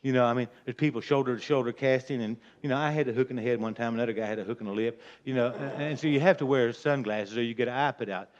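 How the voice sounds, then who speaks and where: A man's voice: medium pitch, steady tone, quick pace, hardly any pauses, slight background noise. An older man telling a folksy, rambling prank story in casual talk, chuckling as he goes, on a dull lo-fi recording. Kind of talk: casual spoken anecdote.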